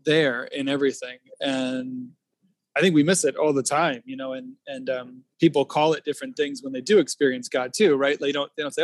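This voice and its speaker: Reflective pastor with a dry sound. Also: male voice, mid-range voice, steady tone, no room sound. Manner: reflective, dry humor, halting pauses. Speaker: Christian pastor. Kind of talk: casual conversation about faith.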